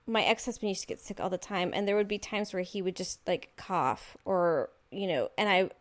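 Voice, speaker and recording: A woman in her thirties chatting casually as a podcast co-host, telling stories and acting out what people said. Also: normal speed. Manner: animated storyteller, acts out quotes with big pitch jumps. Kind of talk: casual chat.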